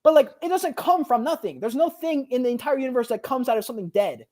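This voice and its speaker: A man in his twenties, co-hosting a podcast, telling a personal story in a casual, animated way, full of slang like "bro" and "like.". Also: extremely high pitch, fast. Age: 20s. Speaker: podcast co-host.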